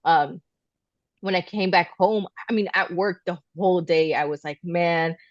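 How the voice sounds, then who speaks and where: A woman's voice: on the low side, a little slow, dry recording, lo-fi sound. A woman in her thirties co-hosting a podcast, telling a personal story casually and acting out what her family said. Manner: animated, acts out quoted voices of family. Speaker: podcast co-host.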